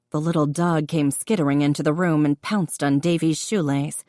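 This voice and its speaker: A woman reads an audiobook with a deep, low voice. Her delivery is measured and even. The sound is dry and close, with no room around it. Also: no room sound. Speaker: audiobook narrator. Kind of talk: scripted narration.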